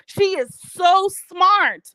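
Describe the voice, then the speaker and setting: A woman's voice: very high voice, animated, extremely slow, sharp tone, no room sound. A Jamaican woman ranting on a live stream, sassy and mocking, calling her target "child". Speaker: vlogger.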